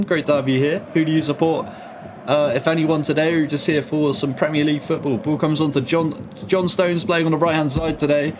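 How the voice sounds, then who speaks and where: A man's voice: fairly high pitch, fairly even intonation, moderate pace, noisy background. Young guy streaming a football watch-along. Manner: chatty slangy banter with chat, reading comments aloud. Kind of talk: casual live-stream chat. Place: home. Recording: faint music behind.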